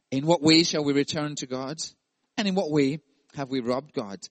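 A man's voice: medium pitch, no room sound. A male pastor preaching a sermon, playful and jokey, acting out voices.

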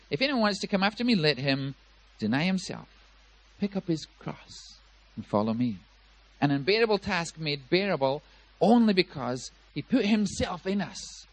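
Emphatic preaching man, slightly high voice. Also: low-quality recording. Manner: emphatic preaching with swings in loudness and pace, repeats words. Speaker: pastor. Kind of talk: sermon.

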